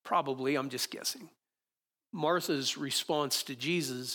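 A man's voice: medium pitch, unhurried, pushed and bright. A man preaching a sermon in a conversational, musing way, often restarting his sentences.

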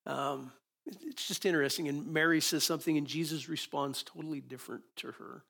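A man's voice: on the high side, brisk, gravelly, fairly bright tone. Conversational man preaching a sermon. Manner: conversational, musing, with repeated restarts.

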